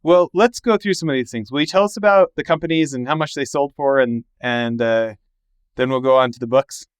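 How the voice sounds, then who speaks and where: A man's voice: mid-range voice, a little fast, clear, resonant tone. A male podcast host giving brief, upbeat prompts to his guest. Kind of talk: interview host questions.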